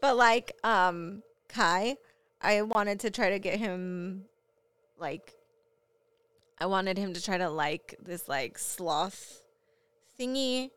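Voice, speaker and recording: A woman's voice: mid-range voice, slow pace, long pauses, a bit bright, smooth, no echo. A young woman and parent, chatting casually and telling a candid story with frequent fillers. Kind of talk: casual chat.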